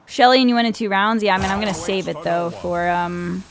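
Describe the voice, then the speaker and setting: A woman's voice: mid-range voice, a little fast, a crowd in the background. Chatty woman streaming a card game. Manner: chatty, laughs easily, thinks aloud. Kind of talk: casual gameplay commentary.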